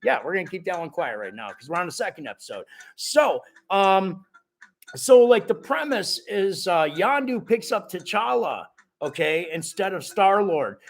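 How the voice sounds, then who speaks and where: Lively high-voiced man hosting a live chat. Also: moderate pace. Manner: animated and jokey, talks straight to the viewers. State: voice cracking. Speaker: live-stream host. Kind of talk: casual live-stream chat, reading viewer comments.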